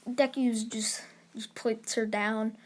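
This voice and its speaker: A woman's voice: on the high side, flat delivery, takes it slowly, a little mellow. A woman casually improvising a fan story, rambling with lots of filler words.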